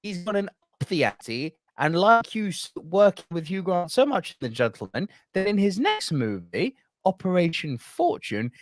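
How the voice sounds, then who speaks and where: A young man co-hosting a casual podcast, talking in an animated, emphatic way with plenty of swearing. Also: high-pitched, no room sound, studio quality. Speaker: podcast co-host.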